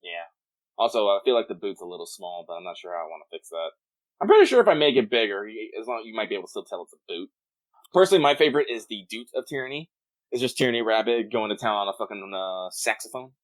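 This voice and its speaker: A man co-hosting a podcast, telling rambling stories in a quick, casual chat. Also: on the low side, very animated, no echo. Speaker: podcast co-host.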